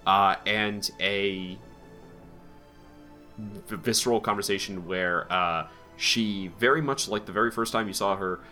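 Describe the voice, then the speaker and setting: A man narrating as game master of a tabletop game, relaxed and rambling, with many fillers. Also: on the low side, a little slow, soft background music.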